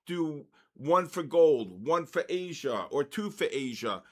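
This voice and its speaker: A man's voice: a little high, sing-song, takes it slowly. A man in his sixties hosting a live trading session, lecturing emphatically and driving points home with repeated "okay?" and "all right?".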